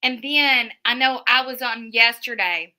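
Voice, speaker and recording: A woman's voice: on the high side, measured pace. A middle-aged woman, hosting a livestream, chatting casually with viewers and telling stories. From Southern United States. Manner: chatty storyteller, animated, many restarts. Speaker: livestream host. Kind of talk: casual chat reading viewer comments.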